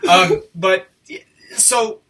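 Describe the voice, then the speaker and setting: A man's voice: high voice, drawn-out words, a bit bright, distant mic. A man co-hosting a casual movie review chat, rambling and self-interrupting as he talks, often laughing. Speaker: podcast co-host.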